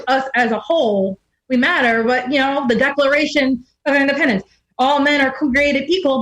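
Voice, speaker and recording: High-pitched woman co-host, firm, lays out her argument calmly. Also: low-quality recording. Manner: firm, reasoned, makes points calmly. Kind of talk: casual conversation.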